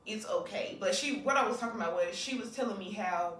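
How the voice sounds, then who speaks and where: Relaxed young woman, roomy distant sound. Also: mid-range voice, a little hiss or hum. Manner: relaxed, frequent fillers, quick agreeing replies. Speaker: podcast co-host. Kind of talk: casual chat.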